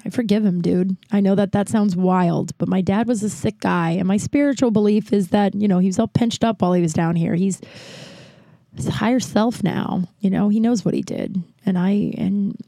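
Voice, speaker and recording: A woman's voice: medium pitch, gravelly, mellow, dry recording. A woman hosting a podcast, telling a personal story in a rambling, confessional way with wry, self-mocking asides. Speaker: podcast host. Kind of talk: candid personal monologue.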